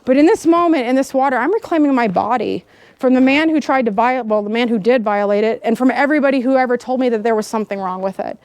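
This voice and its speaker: High-voiced woman telling a lively story. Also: quick pace, dry recording. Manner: animated, laughing, acts out dialogue. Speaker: keynote speaker. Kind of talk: storytelling speech. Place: outdoor camp gathering.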